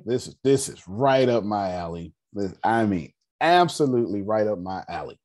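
A man in his thirties leads a group meeting on personal finance, telling animated stories emphatically, repeating key phrases and speaking bluntly with humor. His voice is lowish, expressive and darkish in tone, at a normal speed.

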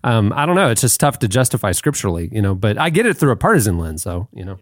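A man's voice: fairly low pitch, big pitch swings, fast, no echo, studio quality. A man co-hosting a podcast, talking casually and hedging with "you know.". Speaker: podcast co-host. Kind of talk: casual chat.

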